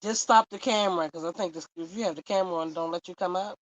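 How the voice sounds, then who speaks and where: A woman's voice: on the low side, fast. A woman co-hosting a casual online chat, coaxing a guest to join in. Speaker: co-host. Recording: dull dry sound.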